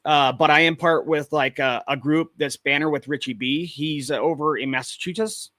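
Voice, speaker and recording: Over a video call, a Washington State man who investigates the paranormal shares his experiences as an interview guest, a plain-spoken storyteller who keeps it matter-of-fact in casual conversation. The voice is fairly high, steady and a bit bright at a moderate pace, with clean, dry studio sound.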